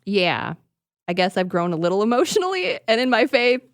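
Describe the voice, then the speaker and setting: A woman's voice: medium pitch, big pitch swings, a little fast, no echo, clean studio sound. A woman co-hosting a casual faith chat, reacting readily and speaking reflectively about her own experience. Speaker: podcast co-host.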